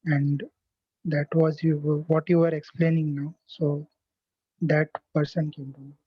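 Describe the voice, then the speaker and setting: A man in an online class explaining a thought in halting, stumbling speech. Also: fairly high pitch, flat delivery, slightly rough, no room sound. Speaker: class participant. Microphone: video call, away from mic. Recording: distant, dull call audio.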